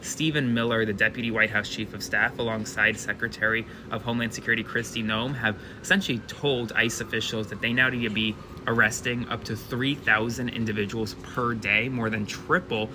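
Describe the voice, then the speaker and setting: A man giving an urgent news update for social media in a brisk manner. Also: medium pitch, little pitch movement. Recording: noisy background.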